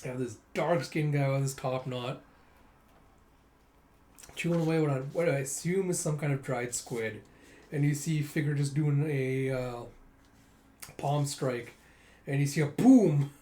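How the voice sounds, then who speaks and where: A man casually retelling a comic book story, acting out the characters' lines in bursts of louder, higher voices. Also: unhurried, pauses often. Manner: animated, jumps into loud high voices for characters. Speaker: manga reader and commentator. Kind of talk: casual comic read-through with acted-out dialogue.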